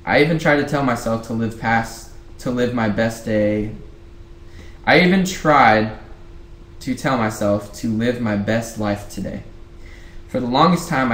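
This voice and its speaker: A man reading a novel aloud at home for a book club, casual, now and then rereading a line or stopping to chat. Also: mid-range voice. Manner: rereads lines, breaks off to chat. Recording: roomy echo, faint background hiss.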